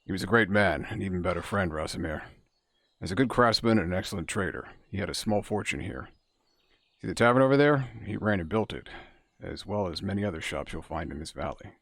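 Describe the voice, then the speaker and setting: A man voicing a gruff, blunt male village castellan with a gravelly voice, reading game dialogue aloud. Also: low voice, animated, brisk, a bit bright, dry recording, clean studio sound, full character voice. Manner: blunt, matter-of-fact.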